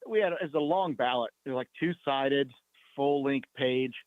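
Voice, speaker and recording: A man calls in to a radio show and talks in a relaxed, conversational way. His voice sits at an ordinary pitch. It comes through a thin, dry phone line. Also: moderate pace, no room sound. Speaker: caller. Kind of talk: casual phone call.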